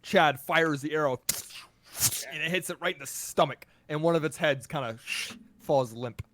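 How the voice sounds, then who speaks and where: A man narrating as game master for a tabletop game, talking in a laid-back way with lots of ums and quick laughs. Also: a little high, a bit bright, no echo.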